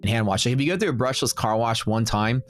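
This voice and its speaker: A man's voice: mid-range voice, fast talker, faint music behind. A man hosting a livestream, telling a long story in a casual, rambling way, full of fillers and quoted back-and-forth. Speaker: livestream host.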